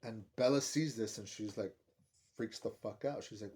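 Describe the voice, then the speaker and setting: A man's voice: lowish voice, moderate pace, a little mellow. A man giving a casual, rambling film review, swearing often and filling his talk with "like". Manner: rambling, profane, heavy use of "like".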